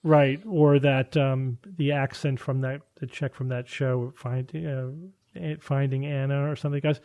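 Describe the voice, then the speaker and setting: A man's voice: medium pitch, little pitch movement, measured pace, a little mellow, lo-fi sound. A man hosting a casual podcast discussion, thinking aloud with restarts and rhetorical questions.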